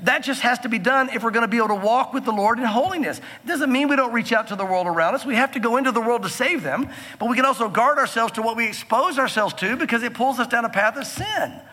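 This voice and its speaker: A man preaching a sermon from the pulpit, earnest and emphatic, slowing down to stress key phrases. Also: very high-pitched, lively intonation, bright, forceful tone, long reverb tail. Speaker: pastor.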